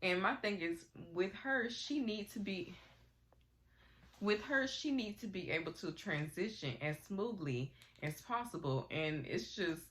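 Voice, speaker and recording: A woman's voice: medium pitch, unhurried. A woman recapping a TV episode in casual, gossipy vlog commentary, talking animatedly and getting over a cold. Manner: animated, gossipy retelling with slang and acted quotes. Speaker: recap vlogger.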